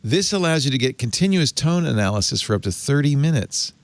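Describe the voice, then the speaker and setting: A man's voice: mid-range voice, sing-song, fairly quick, few pauses, no room sound. A man hosting a tech talk show, reading press text aloud and mocking it with wry asides. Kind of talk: casual panel chat.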